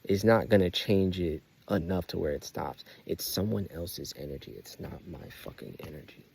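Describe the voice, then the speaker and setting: A man's voice: sits low, normal speed, gravelly, darkish tone, husky. A young man rambling outdoors in a loose, profane, emphatic personal monologue full of restarts. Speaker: vlogger.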